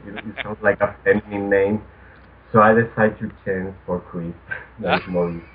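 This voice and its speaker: A man's voice: fairly low pitch, fairly even intonation, normal speed, crowd noise. A man in his forties from Spain with a Spanish accent, a guest artist in a casual interview, speaking hesitantly with many restarts and ums. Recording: tinny phone-like line, faint noise.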